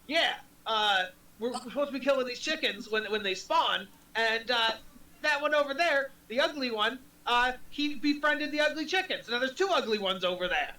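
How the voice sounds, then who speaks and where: A man's voice: extremely high pitch, lively intonation, moderate pace, sharp tone, echoey room, full character voice, rough recording. A man voicing a group of dismissive male devil soldiers who stumble over their words. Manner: stumbling, repetitive.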